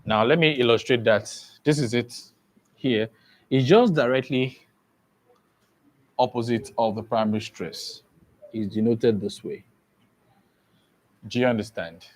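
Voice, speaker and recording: A man teaching an English exam-prep lesson, repeating each point and often asking if students understand. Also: medium pitch. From Nigeria. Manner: slow, repetitive, checks understanding often.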